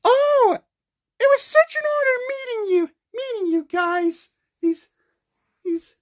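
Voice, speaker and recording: A woman voicing a gentle, motherly rabbit woman who gushes and stumbles over her words in a homemade fan production. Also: extremely high pitch, animated, slow, exaggerated voice. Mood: tearful, gushing.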